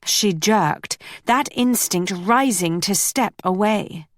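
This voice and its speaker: A woman reading historical romance narration in a measured, steady storytelling manner. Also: mid-range voice, no echo, studio quality. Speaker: audiobook narrator. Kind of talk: scripted narration.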